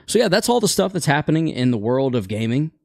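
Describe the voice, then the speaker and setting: Rambling, opinionated gaming host. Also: male voice, fairly high pitch, sing-song, quick pace, creaky, no room sound, clean studio sound. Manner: rambling and opinionated, stumbles over words. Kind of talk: casual livestream chat.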